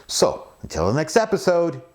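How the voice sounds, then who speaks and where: Guy hosting his podcast, kinda high voice, bouncy and animated, playful announcer vibe. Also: moderate pace. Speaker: podcast host. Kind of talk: scripted podcast narration.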